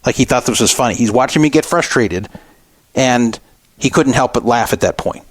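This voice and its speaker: A man's voice: mid-range voice, animated, normal speed, dry recording. A middle-aged man hosting a radio show, recounting a frustrating store encounter in an aggrieved storytelling monologue. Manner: aggrieved, re-enacting arguments.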